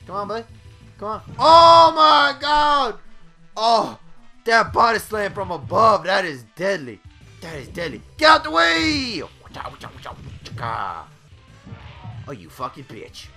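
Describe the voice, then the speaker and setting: A man giving brash, profane let's-play commentary full of excited yelps and outbursts. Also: sits high, takes it slowly, gravelly, soft background music. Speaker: gaming YouTuber.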